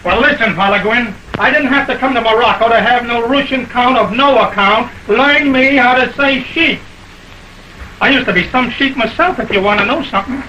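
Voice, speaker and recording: An actor in an early sound film playing a brash, slangy legionnaire who blusters in tough, ungrammatical talk. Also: male voice, very high voice, normal speed, pushed and bright. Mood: blustering. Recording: distant, noisy old film soundtrack.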